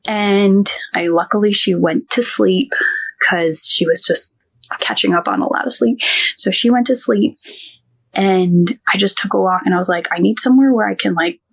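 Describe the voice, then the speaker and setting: A woman's voice: mid-range voice, steady tone, a little slow. A young woman speaking as a podcast guest, her voice sitting around the middle of the female range. She tells a painful personal story candidly and emotionally. She rambles, restarts and leans heavily on casual fillers.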